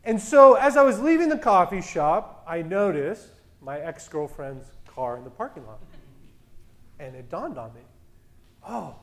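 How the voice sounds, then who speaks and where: A man in his thirties casually telling a story as a podcast co-host, animated and acting out the dialogue in a loud voice that carries. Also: fairly high pitch, normal speed. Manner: animated, acts out quoted dialogue.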